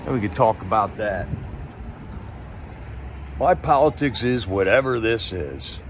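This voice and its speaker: A man's voice: lowish voice, animated, measured pace, a little hiss or hum. A man hosting a live stream, chatting casually in a rambling, sarcastic way with many restarts.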